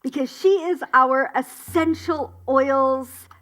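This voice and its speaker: A woman's voice: high-pitched, takes it slowly, a bit bright. A woman giving enthusiastic, chatty announcements at a spiritual community service, cheering the news along. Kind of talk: upbeat church announcements. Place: spiritual community gathering indoors.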